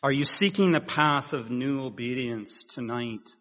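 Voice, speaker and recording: A man preaching a sermon in a measured, earnest way, rising with emphasis at key points. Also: mid-range voice, fairly bright tone. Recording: dull sound in a reverberant hall.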